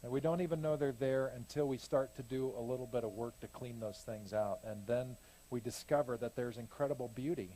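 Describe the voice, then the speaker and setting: A man's voice: mid-range voice, a little fast, mellow, slight background noise. A man giving a casual, rambling report on a church mission trip, often correcting himself and laughing at his own jokes. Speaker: church mission team speaker.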